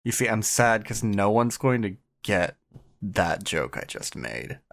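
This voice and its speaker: A podcast host joking crudely in comedic banter, with a drawn-out delivery. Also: low-pitched, very animated, creaky, dry recording.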